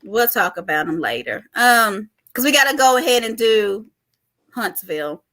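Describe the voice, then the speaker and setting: A woman's voice: fairly high pitch, big pitch swings, moderate pace, fairly bright tone. A woman hosting a casual recap chat, chatty, often calling her listeners "y'all.". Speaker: podcast host.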